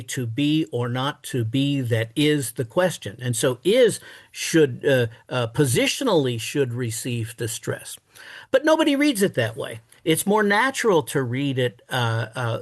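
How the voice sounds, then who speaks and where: Male academic guest, halting delivery full of fillers, mid-pitched, dry close recording. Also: no room sound. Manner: halting, many fillers and restarts; reads verse aloud with exaggerated stress. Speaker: guest scholar. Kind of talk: thoughtful interview answers.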